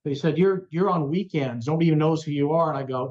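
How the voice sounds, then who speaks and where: A man who is a rock radio personality, a guest in a remote interview, telling a story with lively energy and acting out the voices of the people he quotes. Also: on the high side, fast, hardly any pauses, muffled recording. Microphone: remote interview over the internet.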